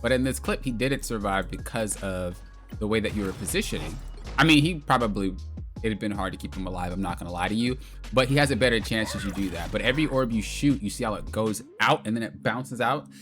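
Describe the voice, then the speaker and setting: A man's voice: lowish voice, animated, quick pace, fairly bright tone, soft background music. A man casually coaching a player through a gameplay replay, explaining step by step and often saying "look" and "you see.". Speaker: game coach.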